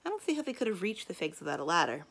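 A woman's voice: on the low side, very animated, racing, creaky, fairly bright tone, breathy edge, full character voice. Sally, a bold young girl detective, read by a woman. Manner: confident, challenging.

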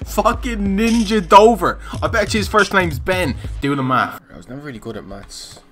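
A young man giving casual, excitable gameplay commentary, swearing and laughing often. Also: medium pitch, brisk, soft background music. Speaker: gaming YouTuber.

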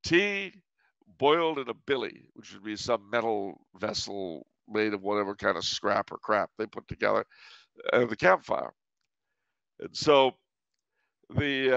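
A man's voice: lowish voice, animated, takes it slowly, vocal fry, pauses often, fairly bright tone, smooth, no room sound. A man hosting a podcast, talking in a wry, digressive storytelling way. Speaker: podcast host. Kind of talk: casual conversational chat. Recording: dry, dull lo-fi sound.

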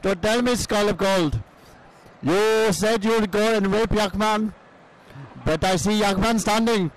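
Guy putting on a pompous broken-english character, high voice, choppy little phrases. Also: a little slow, low-quality recording. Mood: mock-formal. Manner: stilted broken English, short barked phrases. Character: pompous broken-English comic foreign businessman. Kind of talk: improvised comic bit on a live podcast. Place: convention hall at a live expo.

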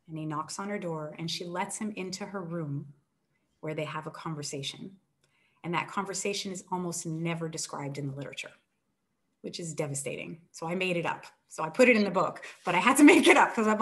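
An author, a woman, retelling an old tale with animated storytelling and acted-out quotes. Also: fairly low pitch. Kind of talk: book talk, retelling a story.

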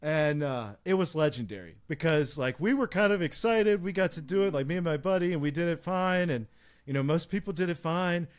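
A man co-hosting a podcast, telling a casual, animated story with laughs. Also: fairly high pitch, a little fast, smooth. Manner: animated, laughing anecdote teller. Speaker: podcast co-host.

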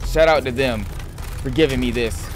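A young man commenting on his gameplay in a casual, excitable way, yelping and muttering at the game. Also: medium pitch, moderate pace, over music. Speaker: gaming YouTuber.

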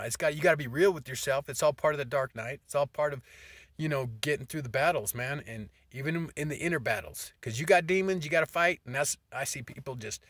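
A man's voice: fairly high pitch, a bit bright, dry recording, clean studio sound. A middle-aged man giving a rambling, profane motivational talk to his phone camera from a parked car. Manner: profane, meandering, restarts often. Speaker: vlogger.

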